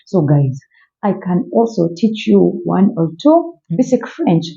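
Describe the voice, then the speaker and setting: A man's voice: sits high, very animated, unhurried, creaky, mellow. A young man teaching basic phrases in a casual vlog, friendly and repetitive, calling his viewers guys. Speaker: language vlogger teaching French. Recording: dull lo-fi audio.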